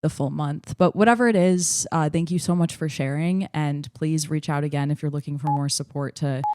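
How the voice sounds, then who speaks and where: A woman comedian offering deadpan, faux-therapeutic advice in a comedy game. Her voice is low and mellow, and the recording is close and dry. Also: moderate pace, dry recording. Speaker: comedian contestant.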